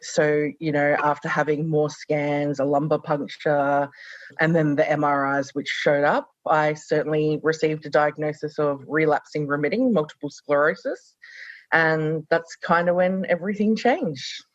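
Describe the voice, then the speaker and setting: A woman's voice: deep voice, steady tone, a little slow, no room sound, lo-fi sound. A woman in her thirties from Australia, a podcast guest speaking reflectively with many fillers. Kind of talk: conversational podcast interview.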